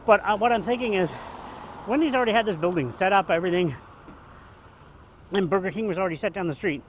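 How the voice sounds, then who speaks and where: Guy rambling on a walk with his phone, kinda high voice, jokey, bit winded, faint traffic hum behind. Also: fast talker, lo-fi sound. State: out of breath from walking. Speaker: vlogger. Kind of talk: casual walking vlog. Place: outdoors on a street walk. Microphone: handheld phone camera.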